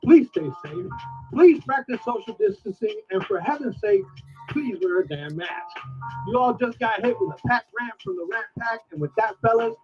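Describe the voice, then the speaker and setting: High-voiced man doing a showy outro. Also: animated, moderate pace. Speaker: co-host doing show outro. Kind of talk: announcer-style outro. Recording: dull sound with music behind.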